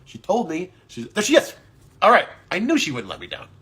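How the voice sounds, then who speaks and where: Lively rambling male talk show host. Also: high voice, a little fast. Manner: rambling, joking, restarts often. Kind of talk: casual live-stream interview.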